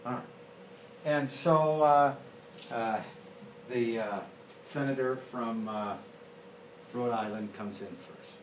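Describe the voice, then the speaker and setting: A man teaching history in a relaxed, rambling way, full of "uh"s and restarts as he tells a story. His voice sits in the middle range and carries through an echoey classroom with faint ambience behind him. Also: medium pitch, slow, long pauses, a little hiss or hum. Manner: casual, rambling, many fillers and restarts.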